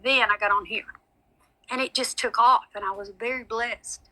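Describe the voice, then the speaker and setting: A woman's voice: fairly high pitch, steady tone, moderate pace, pushed and bright, low-quality recording. A woman, chatting casually with her livestream viewers as a psychic medium, rambling on and calling them honey and sweetie.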